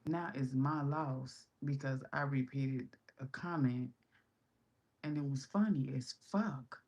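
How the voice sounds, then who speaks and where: A woman's voice: rumbling low, slow pace, a little mellow. A woman from Chicago with a Chicago accent, hosting a casual livestream and reading comments, blunt, profane and joking. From Chicago, USA. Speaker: livestream host.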